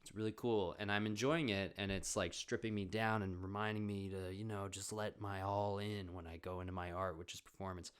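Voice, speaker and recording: Low-voiced young man telling stories. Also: fairly even intonation, fairly quick, hardly any pauses, clear, resonant tone. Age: 20s. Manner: rambling, swears often, acts out quoted voices. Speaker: podcast host. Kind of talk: casual storytelling.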